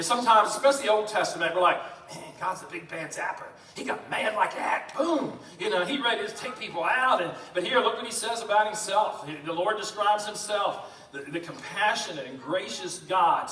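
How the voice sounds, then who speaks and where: A man preaching a lively, joking sermon in a church, talking fast and addressing the congregation. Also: sits high. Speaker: pastor. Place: church sanctuary. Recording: echoey church from a distance.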